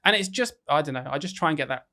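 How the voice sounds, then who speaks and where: A man co-hosting a teachers' podcast, talking fast and tumbling through classroom stories. His voice sits a little high and he keeps the energy up. It is relaxed, casual chat from a tiny room. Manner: quick, animated storytelling with laughs.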